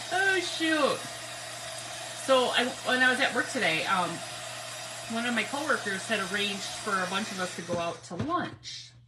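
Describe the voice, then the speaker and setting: A woman's voice: a little high, noisy background. A woman hosting a live crafting stream, chatting in a rambling way, greeting viewers by name and laughing often. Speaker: crafting livestream host. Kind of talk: casual chat while crafting live.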